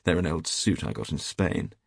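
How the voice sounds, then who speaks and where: A man's voice: very deep voice, expressive, moderate pace, vocal fry, husky, no echo, studio quality, exaggerated voice. A man voicing a worldly, amused painter who teases his friend, with a drawling manner.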